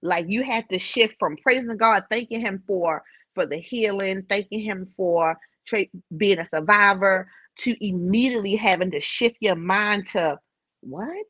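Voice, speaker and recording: A middle-aged woman, a podcast guest, telling a personal story in an emotional, animated way. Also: medium pitch, normal speed, dry recording. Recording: slightly dull dry recording.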